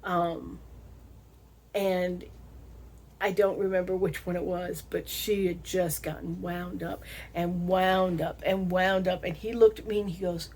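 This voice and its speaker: A woman's voice: on the low side, fairly even intonation, a little mellow, husky. A middle-aged woman with a Southern American accent, talking casually to her audience as a vlog host, laughing often. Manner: chatty, laughs often, slow drawn-out emphasis. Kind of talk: casual monologue to camera.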